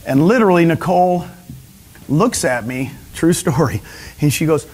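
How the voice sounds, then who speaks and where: A man giving an energetic motivational seminar talk to a live audience, often asking them questions. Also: a little high, normal speed, a little hiss or hum. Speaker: speaker at a real estate training session.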